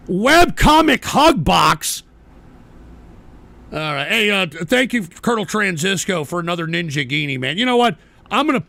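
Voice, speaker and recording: Man, talk show host, high raspy-edged voice, sharp and bright, profane ranting, shouts then mutters. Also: no room sound. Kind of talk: live-streamed political talk show.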